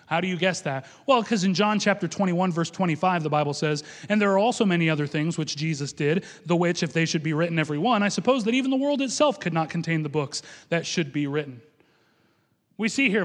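A man's voice: high voice, in a large hall. A man preaching a sermon, reading scripture aloud and acting out the people in it. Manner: quotes scripture aloud and acts out the speakers in it.

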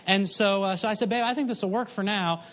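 A man's voice: high voice, fast talker, fairly bright tone. A middle-aged man preaching, telling a folksy, self-mocking story with humor. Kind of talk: sermon.

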